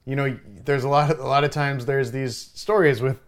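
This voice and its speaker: A young adult man, a bartender, telling a story in casual chat, swearing freely and loudly acting out what he said. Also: medium pitch, moderate pace. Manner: animated, swears freely, loudly acts out his own quoted lines.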